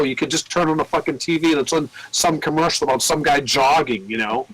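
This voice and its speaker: A man working in a record store, telling cursing, animated stories in casual chat. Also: a little high, fairly quick, low-quality recording. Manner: profane, animated storyteller.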